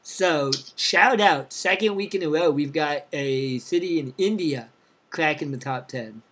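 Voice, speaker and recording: Young male podcast co-host, a touch higher-pitched, upbeat and chatty, shout-out energy. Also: measured pace, a little hiss or hum. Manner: upbeat, reads out listener cities with shout-outs. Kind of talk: casual chat.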